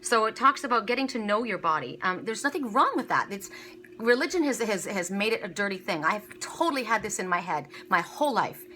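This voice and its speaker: Bright, tense-edged woman reader, earnest, halting, repeats herself mid-sentence. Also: medium pitch, expressive, slight background noise. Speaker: spiritual card reader. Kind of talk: casual spiritual reading to camera.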